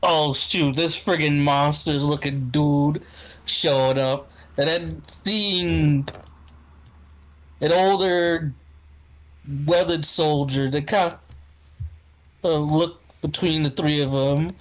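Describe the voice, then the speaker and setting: A player in a tabletop game talking in a halting way and searching for words. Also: medium pitch, fairly even intonation, low-quality recording.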